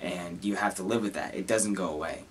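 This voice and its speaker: A young man speaks to his camera in a halting, earnest way, circling back and restarting his sentences as he searches for words. His voice sits a little low and carries a husky, slightly rough edge. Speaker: content creator. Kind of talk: personal talk to camera.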